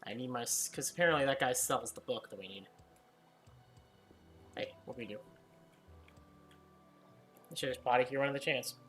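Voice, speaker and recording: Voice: mid-range voice, a little fast, long pauses, fairly bright tone. A gamer giving casual, giggly gameplay commentary and reading in-game text aloud. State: hiccuping. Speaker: let's-play gamer.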